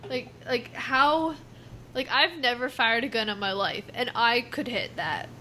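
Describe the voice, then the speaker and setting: A woman's voice: fairly high pitch, measured pace, pushed and bright, a little hiss or hum. A young adult woman hosting a podcast, talking in a chatty, casual way with lots of "like" fillers. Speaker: podcast host.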